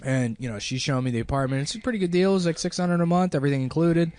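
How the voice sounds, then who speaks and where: A man's voice: a little high, very fast, darkish tone. A man in his twenties, a podcast host, telling a rambling anecdote with lots of fillers. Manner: rambling, filler-heavy anecdote with quoted voices. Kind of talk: casual storytelling chat.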